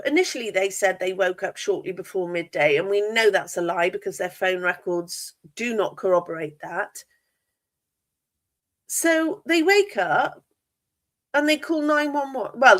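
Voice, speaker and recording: A woman with a fairly bright, higher-pitched voice runs a true crime discussion livestream. She keeps asking pointed questions, stressing words emphatically and sounding openly incredulous.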